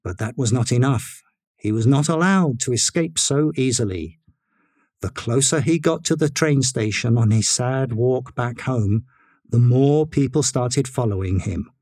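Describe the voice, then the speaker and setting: Slow, expressive male storyteller. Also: medium pitch, no echo, studio quality. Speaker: narrator. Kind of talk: scripted storybook narration.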